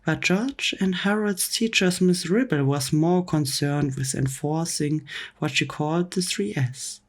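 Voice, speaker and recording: A woman reading a comic book story aloud in a soft, gentle whispered role-play for bedtime. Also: low-pitched, measured pace. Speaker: ASMR storyteller.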